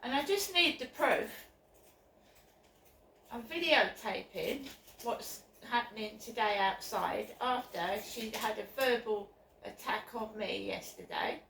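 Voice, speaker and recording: Filming a phone vlog outside her flats, a woman speaks slowly in a voice on the high side, with lively intonation, a creaky, slightly bright quality. She's upset and insistent, repeating herself, and the distant recording is echoey with faint background noise.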